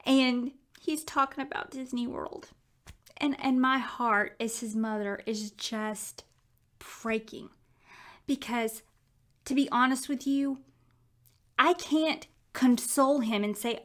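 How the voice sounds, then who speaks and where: A woman's voice: fairly high pitch, a little slow, a bit bright. Woman, 30s to 40s, Christian speaker. Candid, heartfelt faith testimony, conversational delivery. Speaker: Christian speaker sharing her prayer life.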